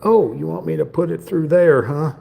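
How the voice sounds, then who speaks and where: A man voicing a folksy Old West cowboy with a drawl, talking high and slow. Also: gravelly, dark tone.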